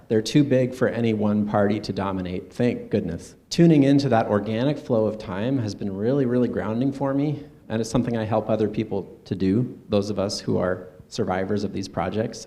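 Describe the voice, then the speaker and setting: A man speaking earnestly at a conference, in a conversational presentation with soft asides. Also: on the low side. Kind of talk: personal stage presentation. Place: conference stage.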